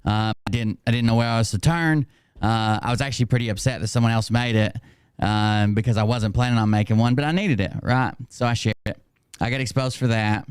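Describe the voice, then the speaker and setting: A man's voice: mid-range voice, fairly quick, clean tone, no room sound, studio quality. A man hosting a casual livestream, rambling and self-mocking, laughing often. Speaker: streamer host.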